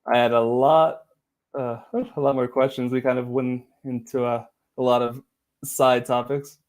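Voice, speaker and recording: A man's voice: mid-range voice, level tone, unhurried, a little mellow. Chatty male podcast host. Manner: chatty, laughs easily, addresses viewers. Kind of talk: live-streamed casual interview.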